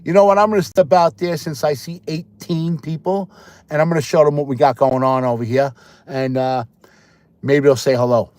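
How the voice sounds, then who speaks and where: A man's voice: fairly high pitch, fairly even intonation, moderate pace, no echo. A man live-streaming on his phone, chatting casually and rambling, repeating himself and greeting viewers by name, mostly outdoors in a windy parking lot. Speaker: livestreamer. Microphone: handheld phone. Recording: phone mic with loud wind noise.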